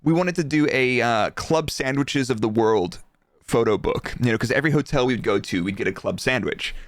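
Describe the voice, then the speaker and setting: A man's voice: medium pitch, normal speed, no echo. Chatty man on a dry podcast mic. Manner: relaxed, chatty, laughs easily. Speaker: podcast co-host, former F1 engineer. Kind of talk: casual podcast chat.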